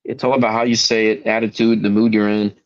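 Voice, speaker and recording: A man's voice: lowish voice, level tone, quick pace. Chill guy musing in casual chat, keeps saying man, kinda muffled lo-fi audio. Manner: laid-back, reflective, says man often.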